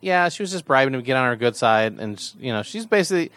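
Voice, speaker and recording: A man's voice: medium pitch, very animated, fast, fairly bright tone, no room sound. A man co-hosting a podcast, chatting casually about a TV episode, easygoing and often chiming in with short agreements. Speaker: podcast co-host. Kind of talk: casual chat recapping a TV episode.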